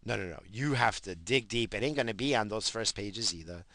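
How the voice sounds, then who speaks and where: A man's voice: on the low side, lively intonation, fairly quick, fairly bright tone. A man, calling himself a stoner, ranting about conspiracies in heated, profane talk that keeps repeating itself. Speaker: self-described stoner.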